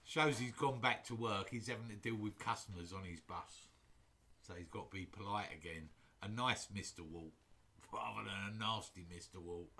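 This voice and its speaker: With a lowish, sharp-toned voice, a man chats casually with viewers during a woodturning livestream. He greets them in a rambling, joking manner from his home workshop.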